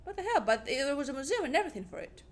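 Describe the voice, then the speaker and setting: Talking very fast in a high voice that swings widely in pitch, a young woman streams a game with casual, jumpy, chatty commentary full of self-mockery.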